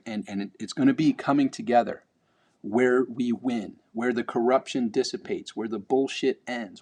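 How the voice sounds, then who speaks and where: A man's voice: mid-range voice, darkish tone. A man vlogging a motivational talk, blunt and emphatic, swearing casually and repeating words as he builds up.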